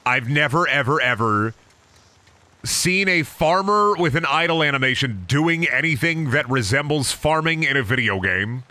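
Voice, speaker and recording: A man's voice: medium pitch, normal speed, bright, forceful tone, no echo. A young man casually commentating his video game stream, swearing and riffing mockingly on what he sees.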